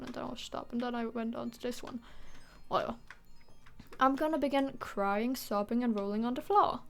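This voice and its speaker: A woman's voice: on the high side, fairly bright tone. A young woman from Denmark, giving exasperated, swearing commentary while she streams a game. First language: Danish. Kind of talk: live gameplay commentary.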